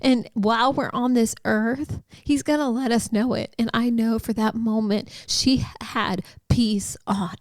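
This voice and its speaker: A woman's voice: fairly high pitch, steady tone, normal speed, hardly any pauses, darkish tone, dry recording, studio quality. A woman hosting a podcast, sharing a personal faith story in a heartfelt, chatty way, full of likes and you-knows. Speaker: podcast host.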